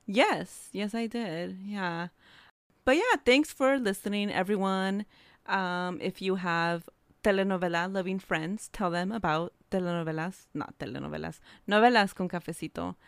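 A woman co-hosting a podcast, reacting with quick remarks and laughs in casual chat. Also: mid-range voice, creaky, clear, resonant tone, no echo. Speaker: podcast co-host.

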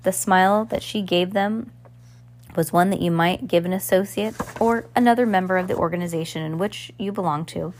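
A woman's voice: fairly low pitch, normal speed, a little mellow. A woman reading a novel aloud as narrator, with occasional slips and restarts. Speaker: reader. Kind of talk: amateur audiobook narration.

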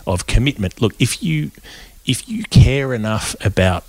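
A man hosting a cricket podcast, talking in a reflective, measured way. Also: mid-range voice, lively intonation, dry recording, low-quality recording. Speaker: podcast host. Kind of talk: conversational podcast chat.

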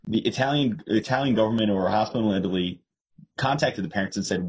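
A man's voice: fairly low pitch, fast, husky, rough recording. A young man co-hosting a casual political podcast, telling stories and mimicking others in a raised voice. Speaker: podcast co-host.

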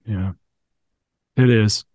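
A man's voice: on the low side, fairly even intonation, drawn-out words, mellow, dry recording, clean studio sound. A man hosting a podcast, speaking in a reflective and candid way.

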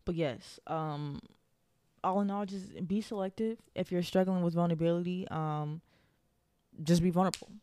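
A woman's voice: fairly low pitch, normal speed, dark tone, smooth, dry recording. A young woman hosting her own podcast, talking earnestly and encouragingly in a casual monologue. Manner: earnest, encouraging, faith-filled. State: out of breath. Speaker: podcast host.

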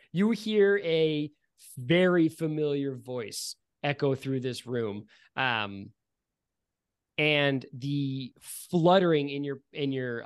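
A man's voice: medium pitch, clear, resonant tone, dry recording, studio quality. A man narrating a tabletop role-playing game as game master, joking and swearing at his players. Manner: crude, joking and profane.

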